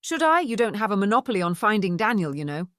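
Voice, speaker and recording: A woman voicing a confident young woman who is a spirited amateur investigator, brisk and teasing. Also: medium pitch, very animated, fairly bright tone, no echo, clean studio sound.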